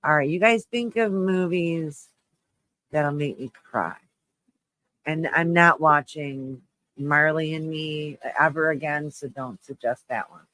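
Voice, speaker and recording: A man's voice: on the high side, sharp tone, no room sound, poor audio. Shaky-voiced man rambling on a live stream. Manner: halting, rambling, many restarts. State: shaky voice, close to tears. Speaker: livestream host. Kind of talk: rambling live chat with viewers.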